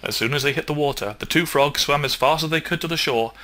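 A man reading a children's picture book aloud in a clear, measured storytelling voice. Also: on the high side, sharp tone. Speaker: storybook reader.

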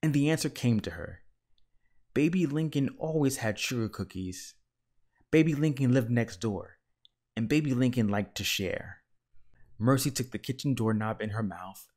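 A man reading a children's picture book aloud with gentle, measured storytelling. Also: mid-range voice, lively intonation. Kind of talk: children's read-aloud narration.

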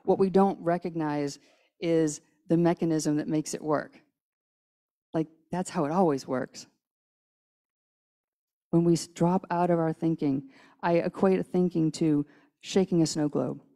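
Woman preacher, low-pitched and mellow, casual conversational sermon, tired. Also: fairly even intonation, unhurried, long pauses. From United States. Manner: casual, chatty, with restarts and acted-out quotes. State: tired from little sleep. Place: church sanctuary.

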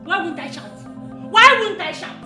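A very high, bright-voiced Nigerian wife, jealous and bossy, scolding and accusing in a film drama. Her voice rings in an echoey room with music underneath. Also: animated, normal speed, heavily acted. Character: jealous, confrontational young wife, bossy and loud.

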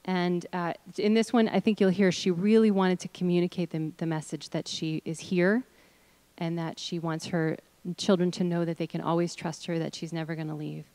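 A woman's voice: fairly low pitch, flat delivery, moderate pace, dark tone, no echo. A middle-aged woman leading an audience through voice exercises, encouraging them and demonstrating with hums, chants and sung notes. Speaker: workshop leader.

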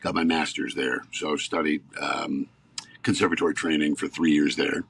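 This is an actor in his fifties appearing on a podcast, telling stories in an animated, casual way that builds as he gets worked up. His bass voice is creaky and husky at a moderate pace, with no echo on the recording.

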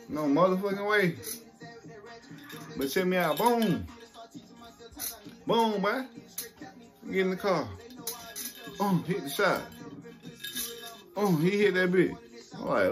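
A young man telling a casual story to camera, animated and profane, acting out what people said. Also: high voice. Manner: animated, profane, acts out quotes.

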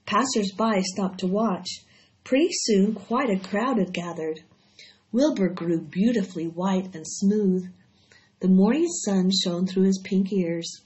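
A woman reading a children's story aloud in a steady, expressive way. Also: medium pitch, measured pace. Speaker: audiobook reader. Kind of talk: storybook read-aloud narration. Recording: dull lo-fi recording.

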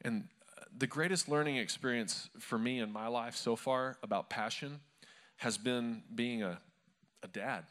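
Male pastor with a bright, driving voice; casual, humorous storyteller from the pulpit. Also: mid-range voice, unhurried. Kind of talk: sermon. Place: church before a live congregation.

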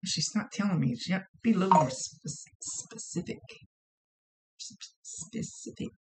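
A woman's voice: mid-range voice, huge pitch swings, a little slow, background noise. A woman working as a psychic medium who gives a casual reading, relaying messages and direct advice and often repeating her phrases.

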